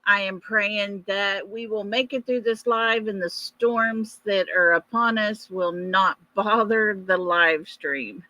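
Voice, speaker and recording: Slow-talking woman hosting a live stream. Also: medium pitch, sharp tone, no room sound. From East Texas. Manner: chatty, greets viewers by name. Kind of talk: casual live stream chat.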